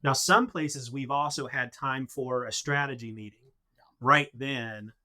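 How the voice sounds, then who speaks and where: A man speaks as a guest on a casual podcast and explains plans step by step. His voice is mid-pitched with a bright, pressing edge. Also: a little slow. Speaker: podcast guest, head of a mission organization.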